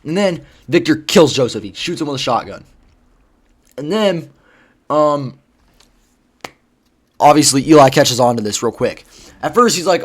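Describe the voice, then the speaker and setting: A man's voice: fairly high pitch, animated, measured pace, long pauses, husky. Man rambling through a story. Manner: rambling, loose storytelling with frequent fillers and swearing. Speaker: vlogger. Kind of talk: casual plot retelling.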